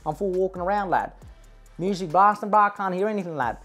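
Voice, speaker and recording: A woman's voice: on the low side, fast, fairly bright tone, faint music behind, close to an everyday voice. A woman playing a brash young male eshay with an Australian accent, slangy and boastful, tagging every line with "bruh" and "lad", in a comic parody vlog. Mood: cocky. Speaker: comedy parody host.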